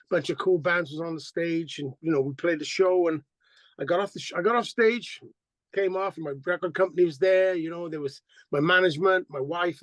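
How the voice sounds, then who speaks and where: A middle-aged man, a band singer telling stories in a casual interview, animated and profane. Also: on the high side, dry recording. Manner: animated, profane, acts out quotes.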